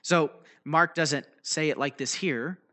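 A man's voice: fairly high pitch, takes it slowly, sharp tone. A man preaching a teaching sermon, explaining a Bible passage loosely and checking in with his listeners as he goes. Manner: explanatory, checks in with frequent "right?" and "okay?"; loose delivery with fillers and restarts.

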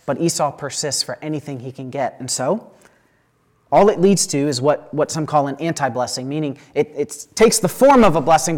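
A man reading a scripture passage aloud and then explaining it in a relaxed, conversational teaching style, often checking in with his listeners. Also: mid-range voice. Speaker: Bible teacher.

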